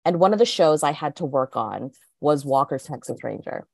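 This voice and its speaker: A woman's voice: deep voice, lively intonation, normal speed, creaky, darkish tone, no echo, studio quality. A woman guest on a sports podcast over a video call, chatting casually, frank and opinionated and laughing often. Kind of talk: casual chat.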